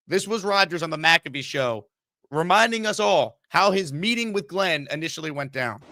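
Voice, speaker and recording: A man's voice: fairly high pitch, lively intonation, normal speed, bright, forceful tone. A man hosting a sports talk show, ranting emphatically and with exasperation. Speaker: podcast host.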